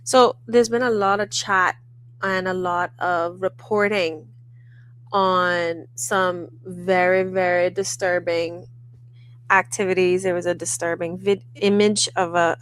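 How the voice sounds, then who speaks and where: A woman co-hosting a late-night talk show, teasing and lively in banter, then earnest on serious topics. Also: on the low side, a little slow, poor audio. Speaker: podcast co-host.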